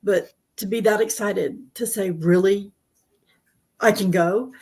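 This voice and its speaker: A woman's voice: medium pitch, fairly even intonation, slow, a little mellow. A woman hosting an interview, earnest and openly moved, talking over a video call. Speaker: host. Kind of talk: emotional interview conversation.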